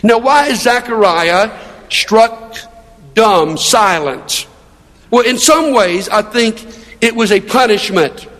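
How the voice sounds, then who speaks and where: A man's voice: sits high, expressive, slow pace, fairly bright tone. A middle-aged male pastor preaching a sermon in a conversational, storytelling way, with rhetorical questions. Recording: long hall reverb.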